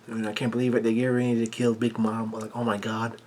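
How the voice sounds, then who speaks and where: A man recaps a comic chapter in a low, even voice that barely rises or falls. He stumbles through plenty of fillers and restarts and swears bluntly when surprised. A faint hum of background noise sits under him. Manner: halting, many fillers and restarts. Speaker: manga chapter reviewer.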